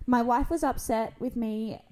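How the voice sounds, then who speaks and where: A woman's voice: on the high side, measured pace, warm tone, poor audio. A woman co-hosting a podcast, reading a story aloud and chatting, often amused and laughing as she goes. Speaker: podcast co-host reading stories.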